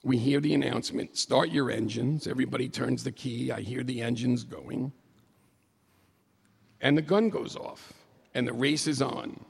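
A middle-aged man telling a humorous personal story to an audience, animated and excitable, with jokey asides. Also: mid-range voice, normal speed, creaky, slightly rough, in a large hall.

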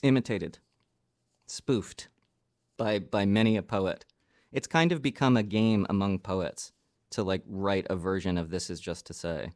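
A man's voice: deep voice, a little slow, no echo. A man who makes radio and writes poetry, chatting animatedly and reading short poems aloud in a studio. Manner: animated, indignant about the poem. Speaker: radio producer and poet. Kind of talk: casual chat and poetry reading.

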